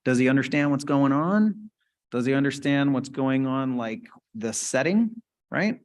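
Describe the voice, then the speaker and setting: A man lecturing at a medical conference in a relaxed, conversational way. He keeps tossing "right?" to the room. His pitch sits in an ordinary middle range. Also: unhurried. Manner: conversational, asks the audience "right?" often. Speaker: conference lecturer on stroke speech therapy. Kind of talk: clinical lecture.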